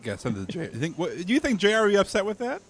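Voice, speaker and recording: A man's voice: sits high, wildly swooping pitch, racing, slightly rough. A man co-hosting a podcast, chatting casually with many fillers and reading listener comments aloud. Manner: hesitant, filler-heavy, reads out comments. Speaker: podcast co-host. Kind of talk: casual chat.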